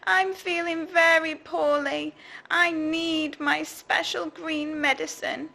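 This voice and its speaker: Storybook creature, male, whiny and demanding, voiced by a woman; high and bright, slow and grumbling. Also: level tone, creaky, full character voice, rough recording. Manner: grumbling, pleading, sickly complaining. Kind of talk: storybook read-aloud.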